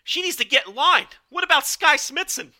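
A man putting on an annoyed East Coast guy with road rage, speaking in an indignant, shouting way with an East Coast accent. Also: very high-pitched, moderate pace, pitched above the performer's own voice, heavily acted. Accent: American East Coast.

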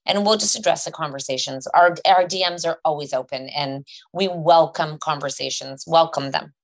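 A woman's voice: low-pitched, moderate pace. A woman guest on a podcast, talking earnestly and restarting her phrases as she goes. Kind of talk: casual podcast conversation.

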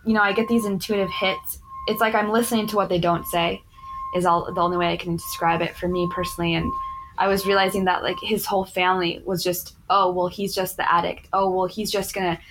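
A woman's voice: on the low side, level tone, fairly quick, music in the background, low-quality recording. A woman in her thirties, a yoga teacher, earnestly telling stories from her work as an interview guest, with lots of "like" fillers. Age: 30s. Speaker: yoga teacher in addiction recovery. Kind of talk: personal storytelling in conversation.

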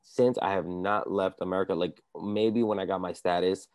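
A man's voice: low-pitched, steady tone, moderate pace, a little mellow, clear, resonant tone, no echo, studio quality. A man from the Dominican Republic, a comedian guest, telling his own story in an earnest, casual way. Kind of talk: casual conversation.

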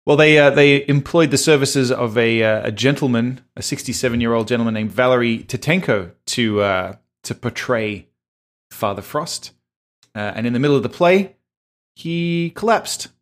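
Man, gravelly voice, podcast co-host, rambling, laughs easily. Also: medium pitch. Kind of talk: casual chat.

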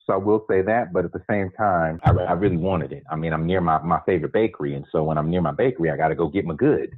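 A deep-voiced actor in his forties talks fast with a breathy edge while calling in as a guest. On a tinny, dry phone line he shares stories in a laid-back, joking style and laughs throughout.

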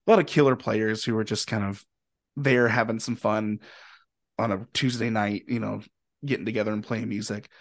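A young man from Indiana, a podcast guest and musician, telling stories in a rambling, animated way and swearing freely. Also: fairly low pitch, moderate pace. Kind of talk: casual storytelling.

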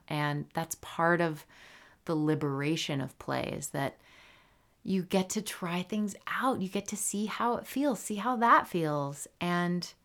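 A woman hosting a solo podcast, talking casually and playfully, with animated swings and soft whispered asides. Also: low voice. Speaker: podcast host.

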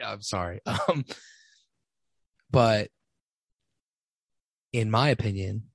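A man's voice: fairly low pitch, darkish tone, no echo. A young man in his twenties hosting a casual solo podcast, talking with many ums and restarts. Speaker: podcast host.

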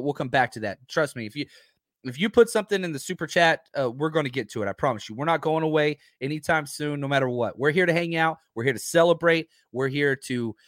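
A man in his thirties with a slightly high voice hosts a casual live stream from home, animated and repeating himself as he reads chat comments aloud. The audio is studio quality with no echo.

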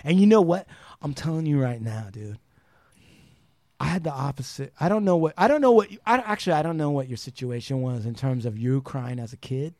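A man co-hosting a podcast who tells candid stories in an emphatic way and gets loud at times. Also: mid-range voice, fairly quick, dry recording, clean studio sound. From Washington state, USA. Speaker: podcast co-host. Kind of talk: candid conversational storytelling.

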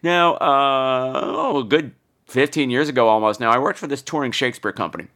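A man's voice: medium pitch, fairly quick, a bit bright. A man in his thirties hosting a podcast, telling a campy comic story with lots of mock voices. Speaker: podcast host. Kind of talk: comic monologue.

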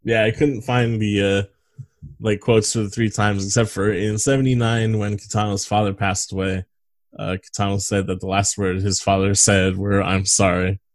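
A man's voice: on the low side, little pitch movement, normal speed, no room sound. A man co-hosting a casual movie podcast, reading from notes with lots of fillers and frequent laughs. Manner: laughs often, reads notes with filler words. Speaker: podcast co-host.

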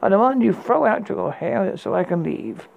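A man's voice: high voice, expressive, moderate pace, vocal fry, a little mellow, dull audio, pitched above the performer's own voice, full character voice. A man voicing a proud, impatient young prince in a storybook reading. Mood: indignant.

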